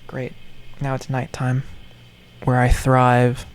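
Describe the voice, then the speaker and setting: A man with an ordinary mid-range voice talks in a meandering vlog monologue. He jokes in a mock-villain way, repeats words, and drops into quiet mumbles. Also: mid-range voice, completely flat delivery, takes it slowly. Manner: playfully menacing, meandering, self-mocking villain talk. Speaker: toy vlogger.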